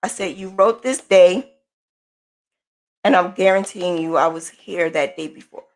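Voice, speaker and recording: A woman's voice: fairly low pitch, unhurried. A woman podcast host from the United States, telling a personal story in a casual, emphatic way and repeating her points.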